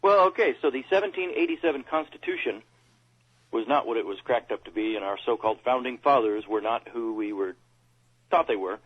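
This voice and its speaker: A man co-hosting a casual talk radio discussion, who pauses and repeats words as he talks. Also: medium pitch, husky. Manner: reads quotes aloud, pauses and repeats words. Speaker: co-host. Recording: dull lo-fi radio audio.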